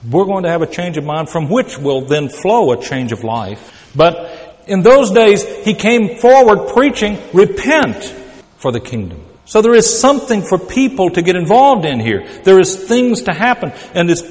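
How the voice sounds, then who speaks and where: A man's voice: a little high, darkish tone, big-room sound. A man preaching a sermon in a conversational but emphatic way, often repeating words as he builds a point.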